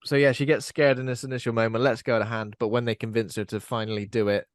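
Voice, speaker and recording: A man's voice: medium pitch, level tone, quick pace, dry recording, clean studio sound. A man hosting a podcast, chatting casually about a horror film and asking his co-hosts questions. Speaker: podcast host.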